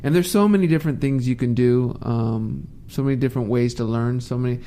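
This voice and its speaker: A man hosting a live talk radio show in a studio, relaxed and teasing, laughing easily. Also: medium pitch, a little fast. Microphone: studio mic.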